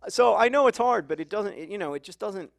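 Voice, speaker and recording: A man's voice: high-pitched, lively intonation, a little fast, creaky, no echo. A man hosting a casual chat over a football video game, thoughtful and rambling with many fillers and restarts. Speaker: host.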